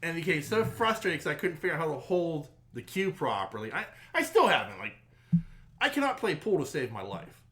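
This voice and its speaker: A man's voice: on the high side, brisk. A man co-hosting a casual podcast, teasing his friend and acting out voices in his stories. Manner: animated teasing, mimics voices in quotes. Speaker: podcast co-host. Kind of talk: casual chat.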